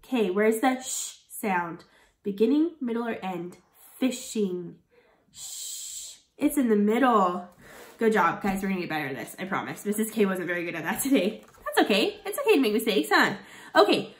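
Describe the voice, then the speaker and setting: A woman teacher leading a phonics lesson for children, sounding out words slowly and encouraging her viewers. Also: medium pitch, sing-song. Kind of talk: early reading lesson for children. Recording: echoey room.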